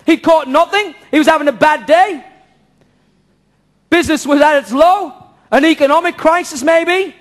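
Before a congregation at a church service, a man with a strikingly high voice preaches an impassioned sermon. He fires off rhetorical questions and now and then rises to a shout.

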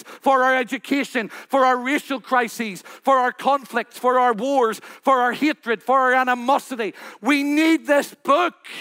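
A man's voice: extremely high pitch, sharp tone. A man preaching a sermon in church, building his points through repeated rhetorical questions and lists.

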